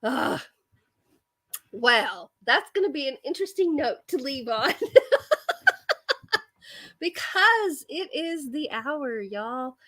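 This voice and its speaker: A woman's voice: high voice, big pitch swings, slow, long pauses, pushed and bright. A woman hosting a casual live chat with her viewers, giggly and self-deprecating. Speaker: livestream host.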